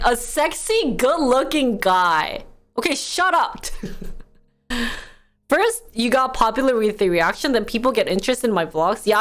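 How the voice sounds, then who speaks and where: A young American woman with a Wisconsin accent, live streaming from home and chatting with her viewers. She talks a lot, giggles often and answers chat as it comes in. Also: mid-range voice. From United States.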